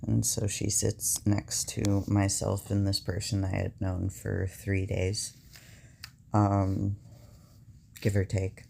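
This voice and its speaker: A young man recounting a stressful personal event in a halting, casual way, with many fillers. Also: lowish voice, completely flat delivery, creaky, a little mellow, a little hiss or hum.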